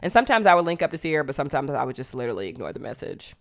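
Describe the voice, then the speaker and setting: A young woman co-hosting a podcast, chatting casually and telling animated stories full of fillers. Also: rumbling low, rapid-fire. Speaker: podcast co-host. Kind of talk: casual chat.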